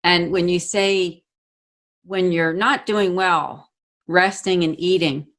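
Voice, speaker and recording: A woman hosting a podcast, thinking aloud in a reflective, agreeable way with soft fillers. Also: lowish voice. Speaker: podcast host. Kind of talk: conversational podcast talk.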